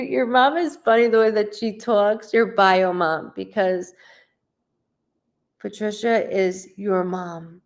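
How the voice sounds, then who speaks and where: A woman in her thirties giving a live psychic reading, chatty and rambling as she relays messages. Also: medium pitch. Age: 30s. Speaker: psychic medium.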